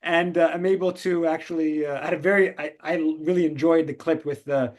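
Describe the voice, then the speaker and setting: A man's voice: fairly high pitch, fairly even intonation, fairly quick. A man hosting a call-in show, telling stories in a rambling way with many restarts. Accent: Canadian English. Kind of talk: casual storytelling and commentary.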